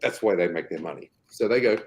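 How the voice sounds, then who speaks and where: A man with an Australian accent, a guest on a casual podcast interview, rambling and animated as he tells stories. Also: low voice, fast, low-quality recording. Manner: animated, rambling, quotes others in acted voices. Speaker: association chief guest.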